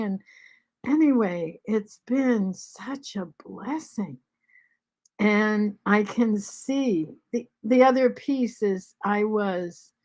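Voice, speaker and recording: A woman of seventy-three talking in a halting, soft way at home, pausing with many ums and restarts. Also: medium pitch. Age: 70s. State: short of breath after covid. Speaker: vlog host. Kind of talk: casual spoken reflection.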